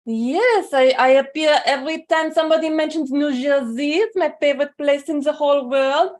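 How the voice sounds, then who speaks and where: A woman's voice: high-pitched, moderate pace, a little mellow, lightly acted. A woman voicing a flamboyant weather-controlling forest monster with a put-on French accent and a wacky voice, over a video call in improv comedy.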